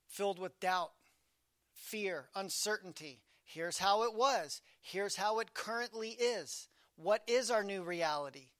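Male pastor with a high, dry voice; dynamic sermon delivery, loud peaks dropping to a hush. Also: no echo. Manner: dynamic preaching, swinging from loud emphasis to hushed low delivery.

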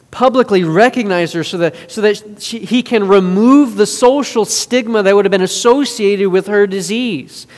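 A man preaching a sermon in an earnest way, moving between forceful and hushed delivery. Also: high-pitched. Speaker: pastor. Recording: long reverb of a large hall.

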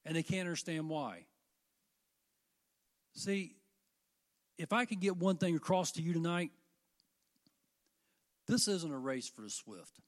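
An older man delivers a sermon with fervent energy, his fairly high voice climbing into loud passages and then dropping to quiet, earnest stretches. He speaks directly to his congregation. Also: animated, a little slow, long pauses. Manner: fervent, rising and falling delivery. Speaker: preacher.

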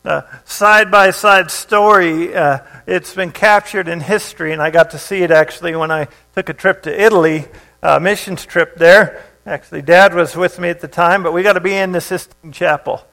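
A man's voice: high-pitched, fairly even intonation, normal speed, creaky, bright, forceful tone, poor audio. A man preaching a sermon, reading a Bible passage aloud and then explaining it in a loose, conversational way with fillers and restarts. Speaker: pastor.

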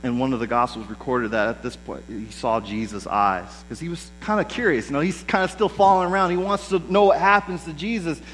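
A man's voice: mid-range voice, brisk, hardly any pauses, fairly bright tone, a little hiss or hum, poor audio. A man preaching a sermon in a conversational way, acting out the lines of the people he quotes. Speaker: pastor.

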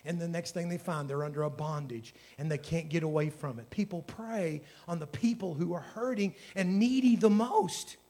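A man's voice: fairly high pitch, normal speed, hardly any pauses, dark tone. A man, a pastor preaching a sermon in a folksy storytelling way that builds to fervent exhortation.

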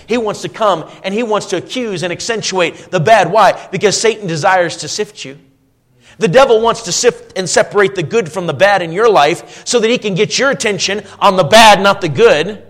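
A man preaching a sermon, asking his listeners questions and dropping to a soft, low voice when he quotes scripture. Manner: swings between loud emphatic lines and soft low quoting; asks the congregation rhetorical questions.

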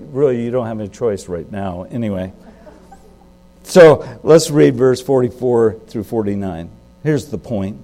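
A male pastor preaching a sermon in a conversational way. He asks his listeners questions and makes sudden jumps in pitch and loudness for emphasis.

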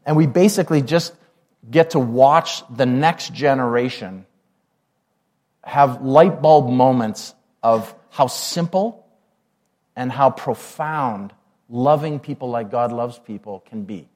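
A man's voice: medium pitch, slow, darkish tone. A man, a pastor preaching a sermon in a conversational way, often asking the congregation questions.

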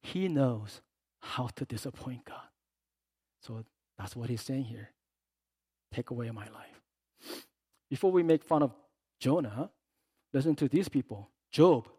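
A man preaching a sermon as a pastor. He is animated, swinging from soft asides to loud, emphatic passages, and acts out the words he quotes. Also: mid-range voice, measured pace, pauses often, slightly rough, dry recording.

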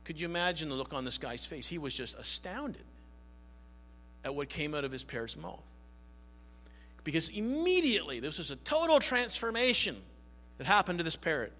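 A man preaching as a pastor in a church, moving from earnest prayer to folksy storytelling with pauses and restarts. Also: on the high side, big pitch swings, bright, forceful tone, in a large hall. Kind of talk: sermon with prayer and a joke.

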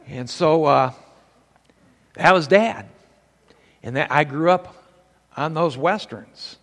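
A man's voice: high voice, animated, a little slow, long pauses, a bit bright, in a large hall. Older man preaching with folksy stories. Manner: folksy storytelling with scripture. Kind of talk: sermon.

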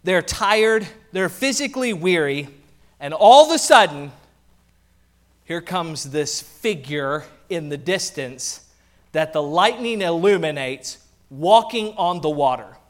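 Man, pastor, lively sermon, higher-pitched voice, humorous asides. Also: takes it slowly. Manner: animated preaching with playful asides.

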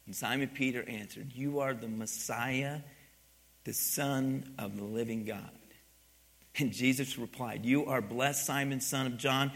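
A man preaching a sermon, moving from quiet teaching to loud, emphatic passages and asking the congregation for responses. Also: medium pitch, measured pace. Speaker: pastor.

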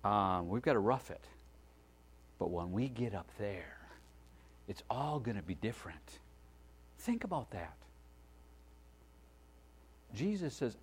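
A man preaching a sermon, telling a story in a folksy, lively way and often checking in with a "right?". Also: lowish voice, slow, pauses often, breathy edge.

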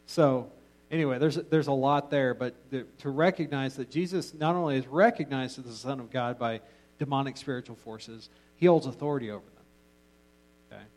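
A male Bible teacher speaking at a middle pitch in a loose, conversational way. He jokes with his listeners and often trips over and restarts his sentences. It sounds like relaxed classroom teaching rather than a formal sermon. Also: normal speed, rough recording. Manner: casual and joking, with frequent restarts.

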